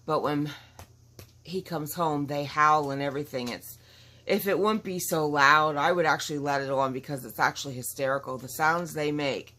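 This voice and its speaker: Lady vlogger at home, lowish voice, rambling and outspoken, really emphatic. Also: fairly even intonation, moderate pace, sharp tone. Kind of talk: casual chat to camera. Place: at home with dogs nearby.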